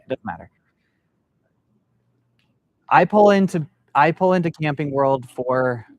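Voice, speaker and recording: A man's voice: mid-range voice, dry recording. A middle-aged man mentoring business founders in a live workshop, telling a story and quizzing the room. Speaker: sales mentor. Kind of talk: live workshop talk to an audience. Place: meeting room with an audience.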